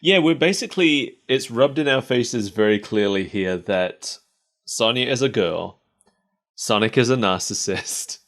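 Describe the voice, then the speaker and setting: A man's voice: mid-range voice, animated, a little slow, fairly bright tone. A man co-hosting a podcast, chatting casually and laughing often between wry asides. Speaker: podcast co-host. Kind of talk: casual chat.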